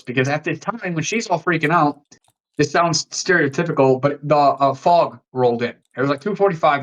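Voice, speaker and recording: Young male podcast guest from the Midwest, pitched a touch high; loose, sweary, rambling storyteller. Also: fairly bright tone. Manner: profane and rambling, heavy use of "like". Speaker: podcast guest, fitness coach. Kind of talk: casual storytelling in a podcast interview.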